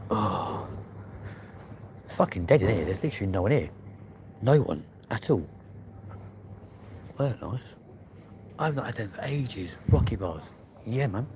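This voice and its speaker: His voice is lowish, darkish and expressive, a little slow with long pauses. It's a young man's casual vlog, shot on a handheld phone from the car and then inside a large supermarket, full of blunt, sweary remarks and muttered asides, with slight background noise.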